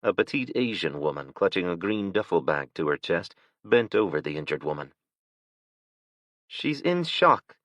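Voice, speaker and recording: A man narrating an audiobook in a steady, measured way. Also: deep voice, no room sound. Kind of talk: scripted narration. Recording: dull, dry lo-fi recording.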